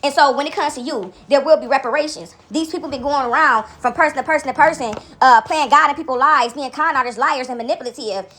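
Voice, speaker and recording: A woman telling a personal story to her viewers in a casual, animated way, often calling them y'all and swearing freely. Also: high voice, fast, hardly any pauses. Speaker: storyteller vlogger.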